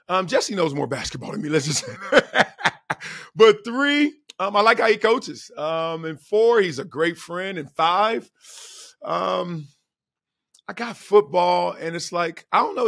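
A middle-aged man hosting his own show, hoarse from yelling and telling stories in a slangy, animated way with frequent laughs. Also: a little high, dry recording, clean studio sound. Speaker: show host. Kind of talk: casual solo vlog chat.

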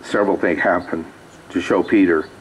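Preacher guy, real low voice, chatty storytelling sermon, bit of faint noise behind. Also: fairly even intonation, normal speed, rough recording. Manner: conversational storytelling with asides. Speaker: pastor. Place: small rural church.

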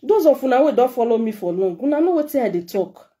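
Nigerian lady vlogging straight to camera, heartfelt and pleading, warm mellow voice sitting a bit high. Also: very animated, quick pace. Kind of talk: emotional direct-to-camera message.

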